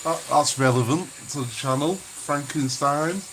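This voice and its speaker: A man's voice: medium pitch, normal speed, slight background noise. Joking Lancashire man chatting while baking. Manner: joking, cheeky banter. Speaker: channel co-host. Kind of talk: casual live-stream chat.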